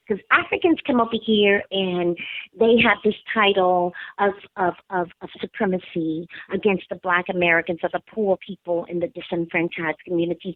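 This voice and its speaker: Phoning in to an interview, this guest, a middle-aged woman who braids hair and founded a school, recounts her story emphatically and with animation, voicing the people in it. The tinny telephone audio is dry and close, with no echo, and her pitch sits in the middle.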